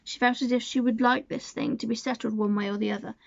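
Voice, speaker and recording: A woman narrating a storybook aloud in a gentle, measured way. Her voice sits slightly high and carries a gravelly grain. The sound is dry and dull, like a lo-fi home recording. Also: steady tone, dry recording. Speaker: storybook reader. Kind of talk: storybook reading.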